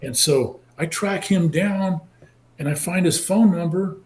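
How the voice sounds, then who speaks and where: A man in his sixties from California, a former football player telling his story in an animated way and acting out the people he quotes. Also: sits high, unhurried, slight background noise. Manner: animated, acts out quoted voices. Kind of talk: casual storytelling interview. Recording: roomy echo.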